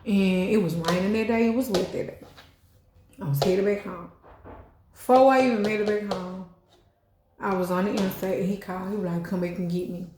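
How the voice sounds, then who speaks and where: A woman telling her life story in a casual storytime vlog, chatty and animated, swearing and leaning on fillers like "you know what I'm saying". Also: medium pitch, brisk, long pauses, noisy background. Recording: echoey room.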